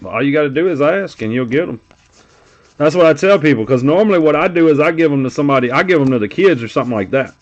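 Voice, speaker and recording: A man's voice: fairly high pitch, lively intonation, fast talker, highs cut off. A middle-aged man casually chatting on a live stream while opening trading card packs, teasing a viewer in a joking, profane way.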